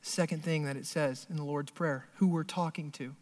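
High-voiced young man preaching in a hall. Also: steady tone. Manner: earnest, conversational preaching with sudden quiet drops and quick asides. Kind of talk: sermon. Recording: long hall reverb.

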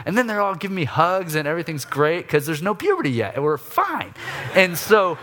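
Animated storytelling male preacher. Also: brisk, slight background noise. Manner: animated storytelling, acts out his own griping in raised voice; drops low and soft for confession. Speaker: pastor. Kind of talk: sermon with personal story.

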